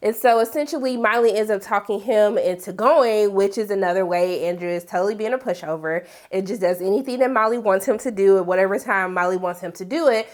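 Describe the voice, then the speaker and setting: A woman talking casually as she recaps a TV episode, animated and sassy, with big incredulous jumps in pitch and asides like "honey.". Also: a little fast, hardly any pauses. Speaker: TV recap vlogger. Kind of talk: casual chat.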